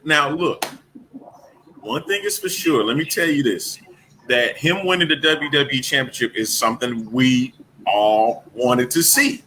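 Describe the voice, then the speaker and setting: A man's voice: medium pitch, a little slow, bright, forceful tone, slight background noise. A man co-hosting a casual wrestling talk show, often laughing, teasing his partner and hyping the topic. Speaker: podcast co-host.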